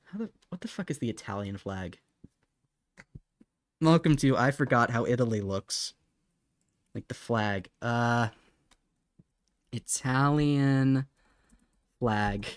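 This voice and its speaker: A man's voice: medium pitch, expressive, slow pace, pauses often, no echo. A young man chatting casually on a live stream while he draws, laughing often and apologizing in a self-mocking way.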